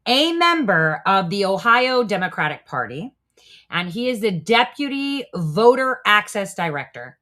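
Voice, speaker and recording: A woman's voice: mid-range voice, sing-song, a little slow, bright, forceful tone. A woman hosting a livestream show in a casual, chatty way, often trailing off while she works her screen. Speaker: show host.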